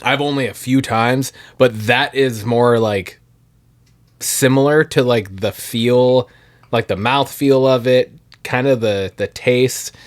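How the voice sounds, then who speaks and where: A man's voice: medium pitch, takes it slowly. Rambling laid-back male podcast co-host. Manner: rambling, laughs often, trails off and restarts. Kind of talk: casual chat tasting a drink.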